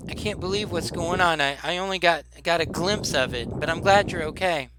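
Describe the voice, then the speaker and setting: A man's voice: a little high, brisk, noisy background, voice pushed up, lightly acted. A man putting on a fretful old shopkeeper lady. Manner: stammering, fussing. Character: worried kindly older woman shopkeeper.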